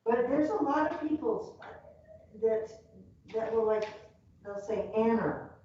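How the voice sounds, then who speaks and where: A woman's voice: on the high side, takes it slowly, far from the mic. A woman chatting loosely, laughing easily and leaving thoughts unfinished. She sits well back from the mic in a very echoey room. The recording is dull, lo-fi, with faint noise. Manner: chatty, laughs often, trails off. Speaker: community radio talker. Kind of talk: casual chat.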